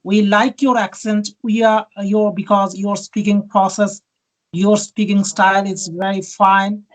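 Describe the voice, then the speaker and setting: A host interviewing guests on a video call, speaking polite, grateful, halting English with many fillers, as a non-native speaker. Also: medium pitch, flat delivery, low-quality recording. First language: not English.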